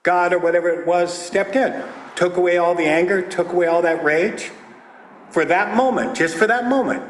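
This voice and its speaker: High-voiced older man telling stories. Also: moderate pace, a little hiss or hum. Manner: animated storyteller, shouts in acted scenes. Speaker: AA meeting speaker. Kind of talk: comedic recovery talk. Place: meeting room with audience. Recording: roomy echoing meeting hall.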